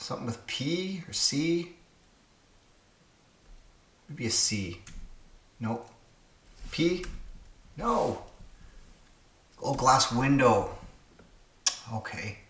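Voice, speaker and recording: A man's voice: mid-range voice, very animated, takes it slowly, pauses often, sharp tone, echoey room. A man hosting his own puzzle channel, thinking aloud and muttering to himself as he solves word games. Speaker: puzzle game channel host. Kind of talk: casual solo puzzle-solving commentary.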